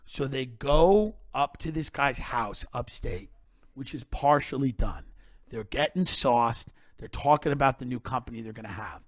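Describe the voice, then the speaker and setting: A man telling comedic stories on a podcast, animated and emphatic, with plenty of profanity. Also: medium pitch, moderate pace, no echo, clean studio sound.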